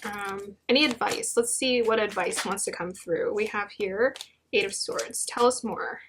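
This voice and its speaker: A young woman giving a gentle, encouraging tarot reading, with many restarts and fillers. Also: mid-range voice, unhurried, noisy background. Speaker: tarot reader.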